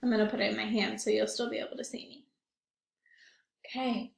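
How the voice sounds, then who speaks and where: A woman's voice: on the high side, flat delivery, a little fast, vocal fry, echoey room. A woman leading a children's library story time, with encouraging talk and little sing-song rhymes. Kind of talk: children's song and movement session. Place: at home, recorded remotely.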